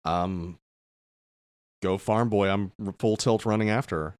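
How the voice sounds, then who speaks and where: Man, tabletop player, low voice, eager, thinks aloud, casual. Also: steady tone, normal speed, smooth. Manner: eager, talks through his moves aloud.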